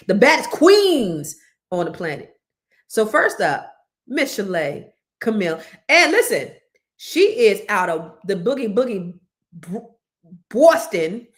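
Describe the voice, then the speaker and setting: A woman with a Californian accent hosting a panel talk show, animated and playful, stretching words for emphasis. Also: medium pitch, normal speed. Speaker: host.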